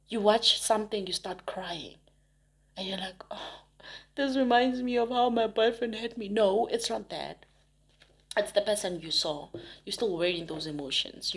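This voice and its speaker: Woman tarot reader, casual and emphatic, talks straight to viewers and restarts her sentences often. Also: medium pitch. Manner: chatty and emphatic, rambling with frequent restarts.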